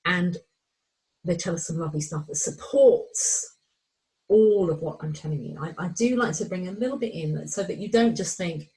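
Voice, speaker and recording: A middle-aged woman coach walking listeners through a course module, animated and excitable, often acting out inner voices. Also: on the low side, moderate pace, rough recording. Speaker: menopause anxiety coach. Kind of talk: recorded course walkthrough.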